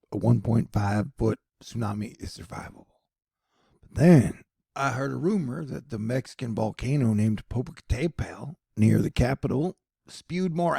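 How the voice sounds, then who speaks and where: A man hosts a casual news vlog, reading tweets aloud between wry, jokey asides. His voice is husky with a gravelly edge. The room sounds dry and close, with no echo. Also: mid-range voice. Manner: excitable, rising to loud questions. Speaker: online news commentator. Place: home in Texas.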